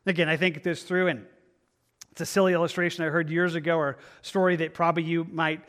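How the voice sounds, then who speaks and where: A man's voice: a little high, level tone, fast talker, fairly bright tone. A man teaching a Bible study in an earnest, conversational way, often restarting his phrases. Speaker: pastor.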